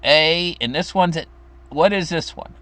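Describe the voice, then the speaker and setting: A man's voice: fairly high pitch, measured pace, sharp tone, voice pushed up. A man voicing his stern, persistent mother as she insists her child learn his vowels. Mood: stern, insistent. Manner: firm, insistent, scolding.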